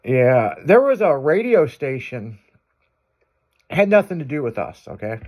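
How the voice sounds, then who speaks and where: A man's voice: medium pitch, sing-song, a little slow, darkish tone. A man hosting a radio show, telling stories in casual banter with crude language and frequent laughter.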